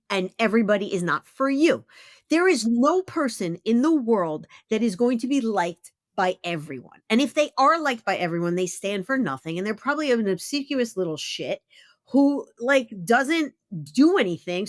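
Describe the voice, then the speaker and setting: A blunt, emphatic middle-aged woman hosts a casual podcast interview. Her voice sits a little high and leaps around expressively as she makes her points. It's recorded close and dry, with no room sound. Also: no room sound. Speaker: podcast host.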